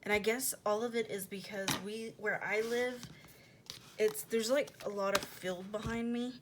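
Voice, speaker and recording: A young woman vlogger chats casually at home while decorating a planner, animatedly retelling a story full of "like" and quoted back-and-forth. Her mid-range voice is a little slow with fairly even intonation, dropping to a soft near-whisper as she works, over a noisy background.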